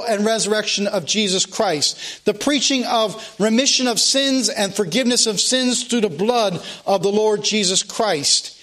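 A man's voice: high voice, a bit bright. A man preaching a sermon, calling out scripture references again and again and asking rhetorical questions. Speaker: pastor.

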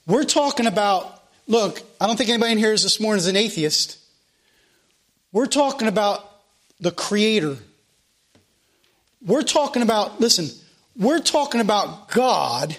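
Middle-aged pastor guy preaching in church, fairly high voice, gets slow and loud on the big points. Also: lively intonation. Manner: emphatic, repetitive preaching that slows and rises at climaxes. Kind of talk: sermon. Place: church sanctuary.

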